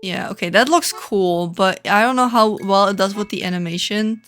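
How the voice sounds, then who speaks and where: A woman's voice: mid-range voice, moderate pace, a bit bright, soft background music. Chatty woman reacting to game outfits. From Netherlands. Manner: chatty, reactive, dramatic mock outrage. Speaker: gaming content creator. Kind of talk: casual game commentary.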